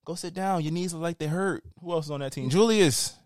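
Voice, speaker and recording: A man with a New York accent, co-hosting a podcast with animated, profane ranting in casual banter. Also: a little high, fairly quick, no echo, studio quality. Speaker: podcast co-host.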